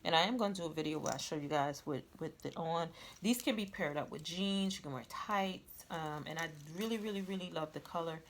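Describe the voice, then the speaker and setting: A woman vlogger with a stuffy nose, chatting casually through a clothing haul, repeating herself and filling pauses with "um". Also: low voice, slight background noise. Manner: chatty, repetitive, many fillers. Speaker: fashion vlogger.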